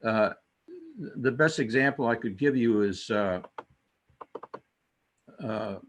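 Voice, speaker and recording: A man's voice: lowish voice, slow pace, a bit bright, a little hiss or hum. A man calling in with a question, rambling in a folksy way with hesitations before making his point. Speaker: caller. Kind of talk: casual question with a joke.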